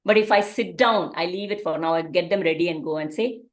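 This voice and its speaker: A woman's voice: lowish voice, brisk, hardly any pauses. A woman teaching a parenting class in a conversational way, often asking rhetorical questions.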